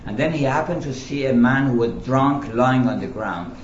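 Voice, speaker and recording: A man giving a storytelling lecture about Sufi teaching, slow and deliberate with hesitations, in an echoey, lo-fi recording. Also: medium pitch, a little hiss or hum. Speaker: speaker on Sufism. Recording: echoey, dull lo-fi room recording.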